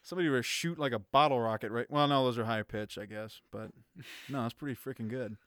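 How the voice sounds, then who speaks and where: A man hosting a casual podcast, upbeat and quick to laugh as he runs the segments into a studio mic. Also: mid-range voice, a bit bright, smooth, dry recording. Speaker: podcast host. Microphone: studio mic with pop filter.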